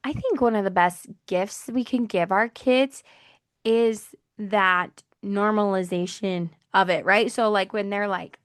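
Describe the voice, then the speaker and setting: A woman's voice: medium pitch, measured pace, clear, resonant tone, dry recording, studio quality. A young adult woman co-hosting a podcast as a life coach, talking earnestly and reflectively in casual conversation. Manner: earnest, reflective, acts out quoted voices.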